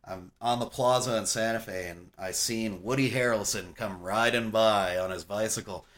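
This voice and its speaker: Swearing man telling a loud story. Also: on the low side, moderate pace. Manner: profane, animated, loud when quoting himself. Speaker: podcast guest. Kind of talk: casual storytelling.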